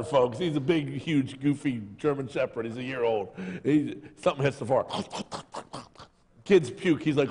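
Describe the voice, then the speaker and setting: A man's voice: medium pitch, a little slow, warm tone, slight background noise. A man preaching a casual, joking sermon to his church, calling out to the congregation and asking for amens. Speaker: pastor. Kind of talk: lively sermon. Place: church service in a sanctuary. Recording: long hall reverb.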